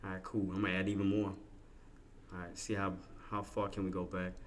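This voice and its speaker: A man's voice: sits low, little pitch movement, a little fast. A man streaming his live trades, thinking aloud in casual slangy talk and chatting with his viewers. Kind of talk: live trading commentary.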